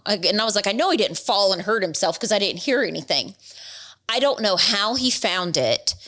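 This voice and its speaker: A woman co-hosting a casual podcast, telling family stories in a lively way and acting out what people said. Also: medium pitch. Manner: animated storytelling, acts out quotes. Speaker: podcast co-host. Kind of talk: casual chat and storytelling.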